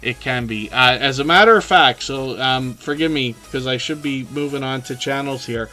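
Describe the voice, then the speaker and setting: A man hosting a casual live stream, talking in a rambling, chatty way with lots of fillers and a slightly hoarse, tired voice. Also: mid-range voice, moderate pace, pushed and bright, soft background music.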